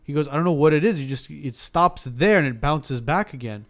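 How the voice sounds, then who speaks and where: Animated storytelling man. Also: a little high, brisk. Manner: animated, acts out dialogue, frequent restarts. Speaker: podcast guest telling a story. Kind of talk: casual storytelling.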